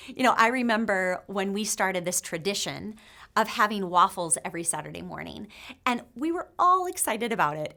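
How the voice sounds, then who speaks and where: A woman's voice: mid-range voice, fairly bright tone. A middle-aged woman speaking to a mothers' group in a conversational, heartfelt, faith-based talk.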